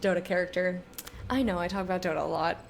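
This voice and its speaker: A woman's voice: on the low side, steady tone, quick pace, gravelly, faint music behind. A woman streaming a game in casual chat, giggly and loose and swearing now and then as she talks with her viewers.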